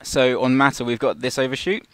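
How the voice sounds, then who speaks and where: A man walks through an animation shot in a relaxed, thinking-aloud way, often restarting his sentences. His voice has a gravelly edge and sits at an ordinary pitch. The sound is close and dry, with no room echo. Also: a little slow. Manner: casual, explanatory, with fillers and restarts. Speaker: animation tutor. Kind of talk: live tutorial walkthrough.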